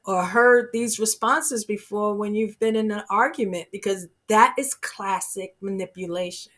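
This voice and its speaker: A woman's voice: fairly high pitch, a bit bright. A woman giving earnest, emphatic relationship advice straight to her viewers, often saying "you know" and "oh my goodness.". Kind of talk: earnest advice talk to camera.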